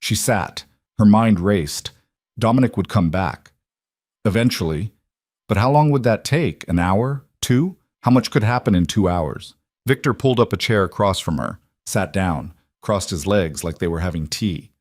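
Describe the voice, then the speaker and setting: Low male narrator reading a drama story, dry close sound. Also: animated, moderate pace, darkish tone, no echo. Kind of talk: scripted romance narration.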